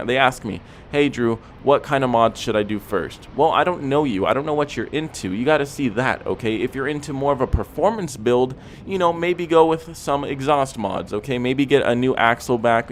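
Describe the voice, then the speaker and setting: A young man talks through car-modding tips in a loose, rambling way, at a middle pitch for a man. He keeps tossing in "okay?" and "you know" as he goes. A faint low rumble hums under his voice. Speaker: car vlogger. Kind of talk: casual advice talk to camera.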